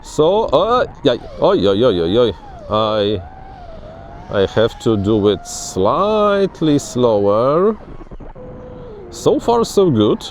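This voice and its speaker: A man talks his way through a drone test flight out on the grass, excitable and given to repeating himself. His voice sits in a middle register. Faint outdoor noise runs under his words. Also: medium pitch, takes it slowly. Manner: chatty, restarts words, excitable. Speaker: FPV drone reviewer. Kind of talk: casual outdoor flying commentary.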